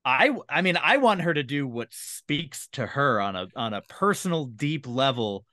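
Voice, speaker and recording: Man, comedian guest, jokey, instructive, animated pitch, dry sound. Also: normal speed, dry recording. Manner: jokey, instructive, mock-confident. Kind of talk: casual podcast chat.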